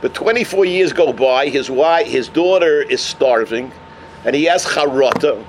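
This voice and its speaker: A man teaching a Torah class as a lively storyteller who mixes in Yiddish and Hebrew terms. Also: mid-range voice, unhurried, noisy background.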